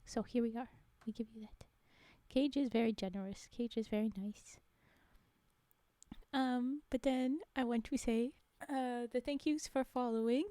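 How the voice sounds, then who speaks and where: Young woman streamer, high voice but mellow, giggly rambly chat, dry close mic. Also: steady tone, unhurried, no room sound. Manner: giggly, rambling, frequently laughing. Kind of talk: casual live-stream chat.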